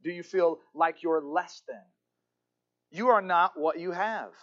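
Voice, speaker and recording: Man preaching, high voice, fervent sermon, repeats key words, slightly dull recording. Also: measured pace, fairly bright tone. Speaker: pastor.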